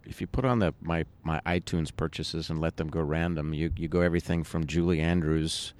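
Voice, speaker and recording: A man's voice: very deep voice, fairly even intonation, brisk, darkish tone. A man being interviewed as a musician, talking casually and rambling with many restarts. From United States. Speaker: musician guest. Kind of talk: conversational interview.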